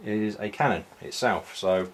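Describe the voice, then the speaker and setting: Halting man showing off a toy. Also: fairly low pitch, slight background noise. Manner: unhurried, halting, many ums and restarts. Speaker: toy reviewer. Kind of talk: casual product walkthrough.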